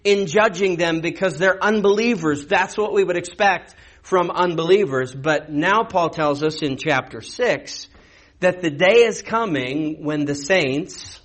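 A man's voice: high voice, measured pace, fairly bright tone. A man preaching a verse-by-verse sermon in a conversational teaching manner, posing rhetorical questions. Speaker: pastor. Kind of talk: expository sermon.

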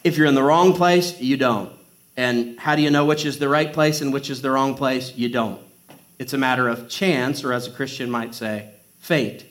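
A man's voice: mid-range voice, moderate pace. A man preaching a sermon in a conversational way, reading scripture and joking in asides. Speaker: pastor.

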